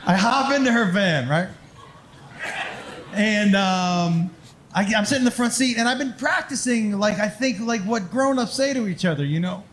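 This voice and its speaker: A man's voice: high-pitched, expressive, normal speed, fairly bright tone, a little hiss or hum. A man telling a stand-up story on stage, acting out other people's voices and sound effects. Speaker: stand-up comedian. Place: live comedy club.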